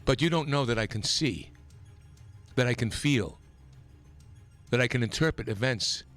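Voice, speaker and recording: A man hosting a talk radio show, delivering an impassioned, emphatic political monologue that climbs toward near-shouting. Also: mid-range voice, moderate pace, soft background music. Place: radio studio.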